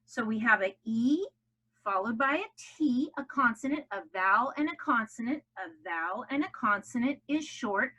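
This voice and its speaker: Woman ESL teacher, bright fairly high voice, encouraging, drawn-out vowels for young learners. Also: lively intonation, rough recording. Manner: warm encouraging teacher, exaggerated stressed vowels. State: out of breath after jumping jacks. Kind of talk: recorded classroom lesson for children.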